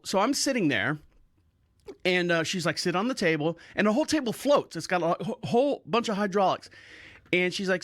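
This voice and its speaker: A middle-aged man hosts a podcast, spinning a loose, joking story with plenty of chuckles. His voice sits a little high for a man. The sound is close and dry, with no room echo. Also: animated, a little slow, pauses often, a bit bright. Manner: rambling, joking, laughs while telling stories. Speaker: podcast host. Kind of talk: casual storytelling monologue.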